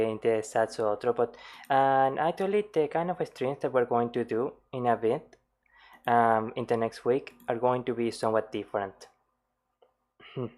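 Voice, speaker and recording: A woman's voice: a bass voice, darkish tone. A woman hosting a reaction stream, chatting casually and laughing often.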